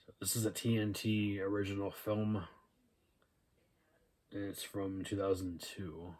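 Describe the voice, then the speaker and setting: A faint hiss or hum sits under this young man's lowish, slightly slow voice as he presents his thrift-store movie finds. The haul vlogger rambles in a relaxed way, leaning on "uh" and "um" while reading out DVD titles and cast lists.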